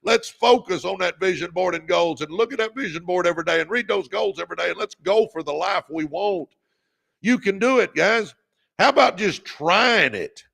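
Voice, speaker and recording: A man with a gravelly, slightly high voice, hosting a motivational livestream. He urges viewers on in a revved-up, preacher-like way and calls them out by name. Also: brisk, a bit bright. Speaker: podcast host.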